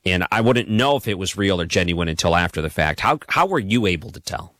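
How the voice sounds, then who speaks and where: A man's voice: deep voice, expressive, a little fast, a bit bright, no echo, studio quality. A man hosting a late-night radio talk show, asking earnest, rambling questions of a guest.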